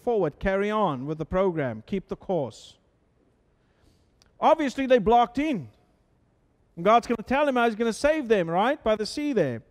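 A man preaching a sermon in a conversational style, full of repeated words and rhetorical questions, sometimes dropping to a soft, hushed voice. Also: high-pitched, very animated, normal speed, pauses often, big-room sound. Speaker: pastor. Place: church sanctuary.

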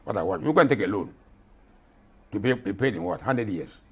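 A man's voice: lowish voice, lively intonation, fairly quick, breathy edge. A man in his eighties from Ghana, a retired general speaking as a guest in an interview, impassioned and emphatic, repeating himself for stress. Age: 80s.

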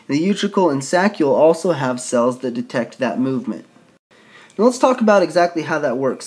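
A man's voice: fairly high pitch, darkish tone. A man teaching anatomy in a casual lecture, talking informally, often restarting and correcting himself as he thinks aloud. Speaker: instructor. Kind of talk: casual drawing-board lecture.

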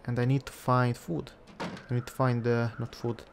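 A man with a gravelly, fry-laden voice narrates his survival game as he plays, half muttering to himself and coaxing the game along. Faint noise hums under the recording. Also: mid-range voice, little pitch movement, normal speed. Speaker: let's play gamer. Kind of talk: casual gameplay commentary.

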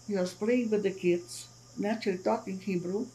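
An older woman from Hungary giving her testimony in a recorded oral history interview, speaking haltingly, with frequent restarts and soft murmured agreement. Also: mid-range voice, fairly even intonation, slight background noise, poor audio. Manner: acts out family dialogue when retelling it. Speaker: Holocaust survivor giving testimony.

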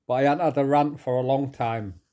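Slow angry middle-aged man ranting. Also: mid-range voice, a little hiss or hum. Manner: heated, swearing, repetitive, pausing to calm himself. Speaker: vlogger. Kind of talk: angry rant to camera.

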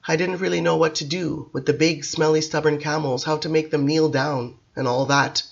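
A woman narrating a novel as an audiobook, in a measured, expressive reading. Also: sits low, vocal fry, highs cut off. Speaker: audiobook reader.

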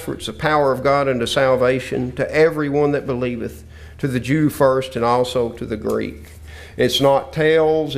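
A preacher with a drawl and a gravelly, middle-pitched voice gives a sermon lesson. He earnestly quotes scripture and keeps circling back to repeat his points.

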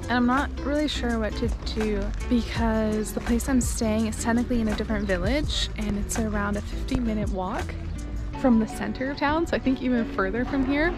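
Upbeat young woman vlogging her trip, highish voice, chatty, music going behind her. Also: brisk. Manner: chatty, upbeat, often laughing. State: out of breath while walking uphill. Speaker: travel vlogger. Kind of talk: casual travel vlog narration. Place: outdoors and in a small town, walking.

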